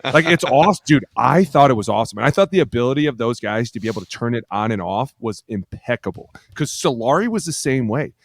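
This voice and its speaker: Fast-talking brash man. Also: medium pitch, animated, no room sound, studio quality. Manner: brash, profane, laughing. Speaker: podcast co-host, former NFL lineman. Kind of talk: casual chat.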